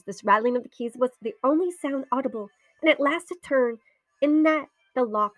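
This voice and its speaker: A woman reading a ghost story aloud in a dramatic way, dropping into whispers and slowing down for suspense. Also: on the high side, dry recording. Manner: hushed, drops into whispers, slows for suspense.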